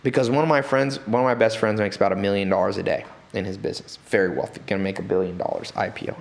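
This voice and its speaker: A man talking as an interview guest in a studio, telling stories in an animated way and acting out the people he quotes. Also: lowish voice, very fast, vocal fry. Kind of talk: storytelling interview talk.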